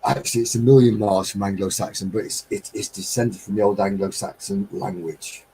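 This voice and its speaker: A man's voice: on the low side, steady tone, a little fast, creaky, mellow, slight background noise, rough recording. A man hosting a casual live stream chat, rambling cheerfully, laughing and breaking into snatches of song. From England.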